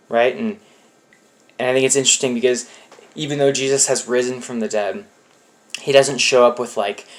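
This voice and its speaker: A young man preaches to a youth crowd in a loose, conversational way. He slips into playful voices to act out what people say. His pitch sits in the middle range for a man. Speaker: youth pastor. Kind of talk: casual youth sermon.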